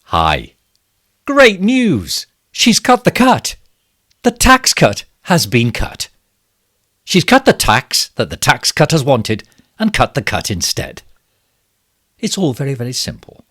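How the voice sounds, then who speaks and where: An actor playing a pompous, smug and bumbling male government minister in a comic monologue, with a posh, self-satisfied delivery and sudden leaps in pitch. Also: wildly swooping pitch, slow pace, long pauses, fairly bright tone, dry recording, clean studio sound, full character voice. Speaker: satirical character monologue. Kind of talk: comic monologue as a fake live stream.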